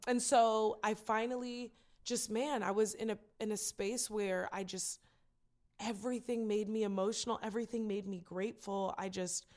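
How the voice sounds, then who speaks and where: Woman, casual storyteller, mid pitch, animated. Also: moderate pace. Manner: animated storyteller, acts out quotes. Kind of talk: casual chat.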